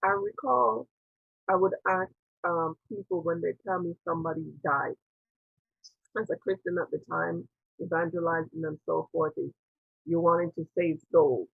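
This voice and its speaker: A woman interviewer speaks over a tinny, phone-like video call with a gravelly, husky texture to her voice. She talks earnestly and wanders through her story, voicing her own past thoughts as quotes. The sound is dry and close. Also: lowish voice, expressive, normal speed, no room sound. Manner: earnest, digressive, with quoted inner dialogue. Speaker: spiritual interviewer and priestess. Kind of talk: reflective personal storytelling.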